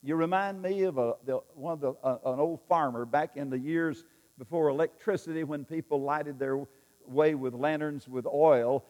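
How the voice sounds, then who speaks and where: A man's voice: a little high, normal speed, a little mellow, lo-fi sound. A man preaching a sermon, emphatic and repetitive, leading his listeners in repeating lines. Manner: emphatic, repetitive, leads the audience in call-and-response. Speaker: pastor. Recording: long reverb in a large hall.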